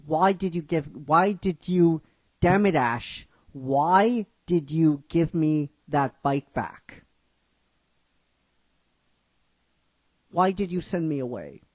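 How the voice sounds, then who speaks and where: A heartbroken young woman, as a man reads her lines aloud, asks question after question in a pleading, halting voice. She sits a little higher than a plain speaking voice and is stretched out slowly. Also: animated, no echo. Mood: anguished. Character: heartbroken young woman holding back tears.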